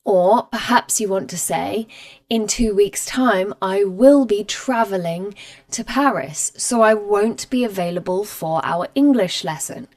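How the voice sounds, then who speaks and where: Woman teaching english live on camera, calm clear explaining, mid-pitched. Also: a little slow. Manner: clear, patient explaining with example sentences. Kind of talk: live online grammar lesson. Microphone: camera mic.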